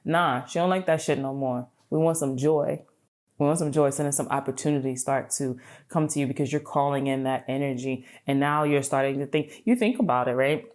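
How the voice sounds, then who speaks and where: A woman hosting a podcast, giving an animated, casual motivational talk, swearing freely and checking in with "right?". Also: a bass voice, brisk. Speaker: podcast host.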